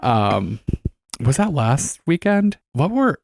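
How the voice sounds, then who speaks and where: Gravelly giggly man chatting. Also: medium pitch, big pitch swings, slow, a little mellow, dry recording, studio quality. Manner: giggly, candid, rambling. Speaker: podcast co-host. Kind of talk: casual chat.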